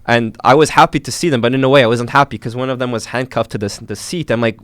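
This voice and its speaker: A young man from Canada, a filmmaker earnestly retelling his arrest with animated, emotional storytelling. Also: mid-range voice, quick pace, smooth, no room sound. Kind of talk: emotional first-person storytelling.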